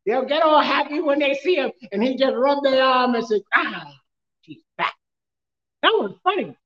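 A male pastor preaching a sermon, telling funny stories with frequent laughter and sometimes shouting questions at the congregation. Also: extremely high pitch, expressive, a little fast, echoey room, highs cut off. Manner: storytelling, humorous, laughs often. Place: church.

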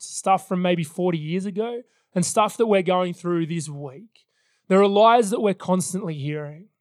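A man's voice: high-pitched, no room sound, clean studio sound. A man in his thirties preaching a sermon as pastor, telling personal stories in an earnest way. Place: church service.

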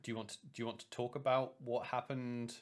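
Young male co-host, lively storyteller, mid-range voice, chatty and informal. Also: mid-range voice, quick pace. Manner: animated storyteller, acts out quoted lines. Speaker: podcast co-host. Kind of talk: casual podcast chat.

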